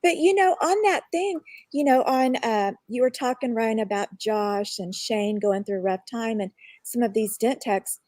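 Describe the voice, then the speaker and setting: A woman's voice: a little high, normal speed, hardly any pauses, a little mellow, dry recording. Earnest woman telling a personal story. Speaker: guest. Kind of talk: casual chat on a live online show.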